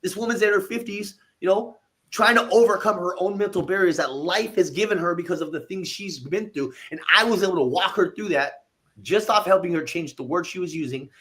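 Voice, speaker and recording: A man who owns a gym, telling a coaching story in a casual interview, animated and blunt, with some swearing. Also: high voice, fairly quick. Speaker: gym owner and fitness coach.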